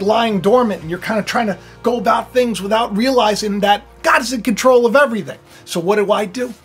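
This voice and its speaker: On his own spiritual video channel, a man rambles through a loose monologue packed with fillers and restarts, his voice slightly rough. He shifts between quiet murmurs and loud outbursts.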